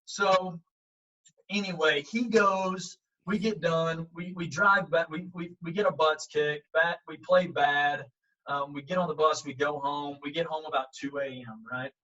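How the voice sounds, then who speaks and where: A man, a baseball coach, telling a lively story in an interview. He talks casually, acts out the quotes and uses many fillers. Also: on the high side, unhurried, far from the mic. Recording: muffled audio, speaker set back from the mic.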